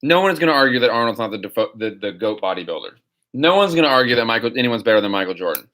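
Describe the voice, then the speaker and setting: A man hosts a live chat stream and reads out viewer questions before ranting his answers. His voice is bright and forceful, and he talks in an opinionated, rambling way at an ordinary middle pitch. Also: big pitch swings, racing. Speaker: host.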